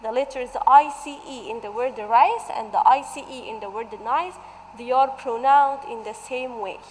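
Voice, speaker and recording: A woman English teacher going through a revision worksheet, stretching out example words slowly as she explains. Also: on the high side, a little mellow, in a large hall, slight background noise, rough recording.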